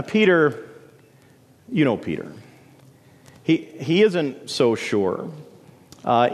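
Male pastor, storytelling sermon delivery, mid-pitched voice, long hall reverb. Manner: dramatic storytelling preacher, swinging between soaring and hushed.

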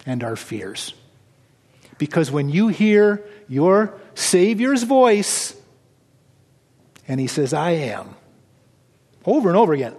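A man preaching a sermon, swinging between raised exclamations and hushed, low passages. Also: big-room sound. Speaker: pastor.

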